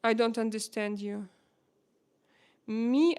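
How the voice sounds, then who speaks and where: A woman in her thirties from Russia, speaking English with a Russian accent as a livestream host, emotional and pleading, halting often to find words. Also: fairly high pitch. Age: 30s. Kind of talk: casual livestream chat.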